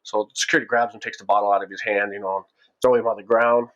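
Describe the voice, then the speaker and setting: A man with a fairly low voice tells a story from his own life in a loose, conversational way. He circles back and restarts often and slips into little acted-out quotes of the people involved. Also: little pitch movement, fast talker, a bit bright. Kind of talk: casual spoken storytelling.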